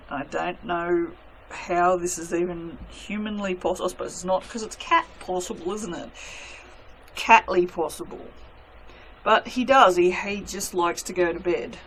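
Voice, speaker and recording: A woman's voice: fairly low pitch, a little slow, a bit bright, a little hiss or hum. A young woman chatting casually while cutting soap in a cold workspace at night, gushing and poking fun at herself. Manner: gushing, self-mocking, chatty with her cat. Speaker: soap maker.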